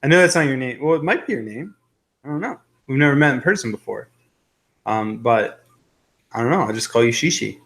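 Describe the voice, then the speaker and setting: A young man chatting casually on a live stream, mid-pitched and relaxed. He rambles, jokes and reads out viewer comments, with plenty of ums and restarts. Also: brisk. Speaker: livestream host.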